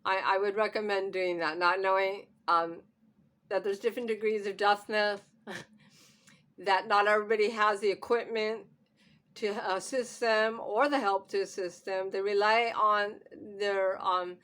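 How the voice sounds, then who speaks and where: A woman's voice: mid-range voice, a bit bright. A hard-of-hearing woman vlogging at home into her camera, upset and trying not to cry, with nervous laughs. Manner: upset, holding back tears, nervous laughter. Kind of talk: emotional personal vlog.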